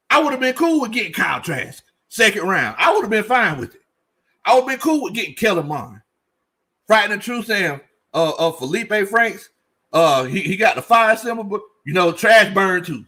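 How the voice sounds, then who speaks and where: Animated high-voiced man ranting about sports. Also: moderate pace, breathy edge. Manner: animated, joking, repeats himself for emphasis. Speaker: sports show host. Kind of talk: casual sports commentary livestream reading chat.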